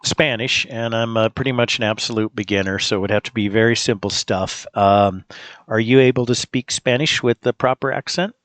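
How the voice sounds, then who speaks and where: A man hosting a casual demo, talking in a relaxed, rambling way with fillers. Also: mid-range voice, a little fast, no echo. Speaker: host demonstrating an app. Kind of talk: casual screen-recorded demo.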